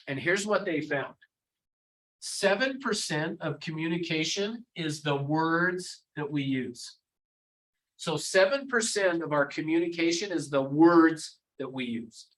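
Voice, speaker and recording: A high-pitched man runs a sales training session. He is animated and demonstrative and quizzes his audience as he acts out phone calls. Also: poor audio. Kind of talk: live training session with role-play.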